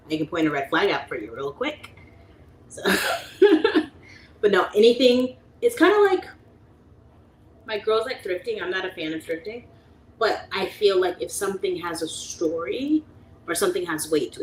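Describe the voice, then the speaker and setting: A woman's voice: mid-range voice, very animated, moderate pace, long pauses. A woman in her late thirties hosting a livestream, casually chatting and reading viewer comments aloud, laughing often. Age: 30s. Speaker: livestream host. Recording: echoey room with faint ambient noise.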